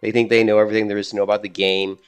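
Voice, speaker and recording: A middle-aged gaming streamer with a fairly low, level voice races through casual chatter while playing, captured in a clean tone. He rambles, swears, and laughs at his own stories.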